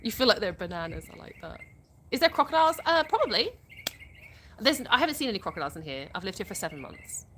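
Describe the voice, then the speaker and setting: A woman's voice: fairly low pitch, very animated, rapid-fire, few pauses, a bit bright, a little hiss or hum. A woman, hosting a live stream outdoors, reading viewers' comments aloud and answering them chattily. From England. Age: 30s. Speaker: livestream host.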